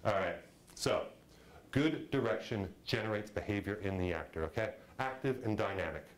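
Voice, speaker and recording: A man giving a lively lecture on film directing, chatty and full of "you know" and "okay", acting out audience reactions with sudden jumps in his voice. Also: lowish voice, moderate pace, rough recording. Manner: animated, acts out audience reactions in a raised voice.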